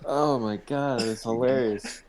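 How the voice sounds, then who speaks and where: A man's voice: mid-range voice, steady tone, unhurried, a crowd in the background. A man co-hosting a casual sports podcast, swearing freely and laughing often while leading the discussion. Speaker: podcast co-host. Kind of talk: casual sports-talk chat.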